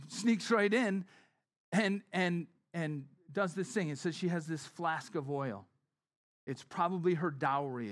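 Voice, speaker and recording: Male preacher, conversational sermon storytelling, slightly high pitch, hushed at times. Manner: conversational storytelling, often dropping to a soft, hushed tone.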